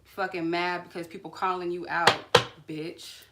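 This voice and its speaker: A woman hosting her own reading channel vents in an angry, profane live-stream rant aimed at a viewer. Her delivery is confrontational and cursing throughout. A clear, steady noise runs behind her voice. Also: medium pitch, moderate pace. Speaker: tarot card reader and channel host.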